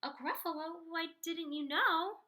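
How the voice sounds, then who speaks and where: A woman's voice: very high-pitched, unhurried, bright, forceful tone, voice pushed up, full character voice. A woman voicing a small clever brown mouse in a storybook read-aloud, polite and bluffing.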